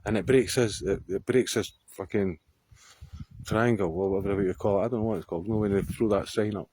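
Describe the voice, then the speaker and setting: A man's voice: fairly low pitch, steady tone, fairly quick, mellow, breathy edge. A Scottish man telling a story to camera outdoors on a hillside, rambling, swearing freely and often laughing. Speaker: vlogger.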